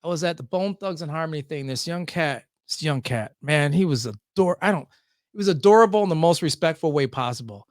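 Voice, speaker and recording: A middle-aged man with a high voice tells stories as a podcast guest, slipping into the voices of the people he quotes. The recording is dry and close, with no room sound. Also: expressive, brisk, dry recording. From Michigan. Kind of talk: animated storytelling.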